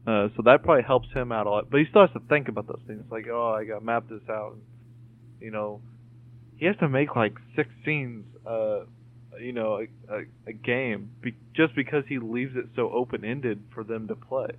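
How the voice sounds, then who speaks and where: A man's voice: medium pitch, normal speed. Guy rambling on a podcast, swears a bunch, sounds like a phone call. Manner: rambling, swears casually, many fillers. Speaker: podcast co-host. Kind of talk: casual chat. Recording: tinny phone-like call audio.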